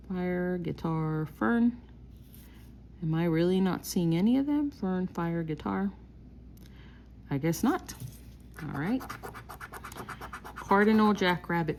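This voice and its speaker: Scratching her lottery tickets on a casual vlog, this Texan woman reads each symbol aloud slowly and carefully. Her slightly low, gravelly voice carries fry, a lively intonation, and a somewhat mellow quality, while soft noise hums behind her.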